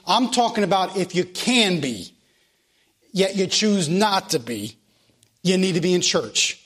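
A middle-aged male pastor preaching a sermon in church, emphatic and repetitive, slowing and rising at his climaxes. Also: high voice, lively intonation, a bit bright, husky. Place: church sanctuary.

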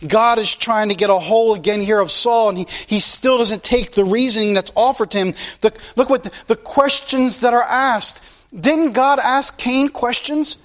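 A man's voice: sits high, a bit bright. A male pastor preaching a sermon in a blunt, impassioned way, repeating his points.

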